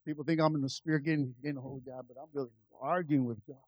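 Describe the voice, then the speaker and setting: A pastor telling a personal story in a sermon, moving between quiet, confiding asides and loud, lively peaks. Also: male voice, medium pitch, very fast, no echo, lo-fi sound. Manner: animated, swings from soft asides to loud climaxes.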